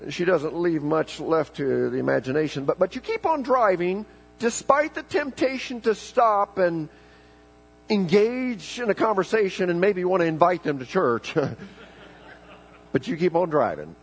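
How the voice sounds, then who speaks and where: A man's voice: high voice, big pitch swings, measured pace, slightly rough, faint music behind, low-quality recording. A man preaching a folksy, joking sermon in church, often repeating words as he starts a thought. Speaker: pastor.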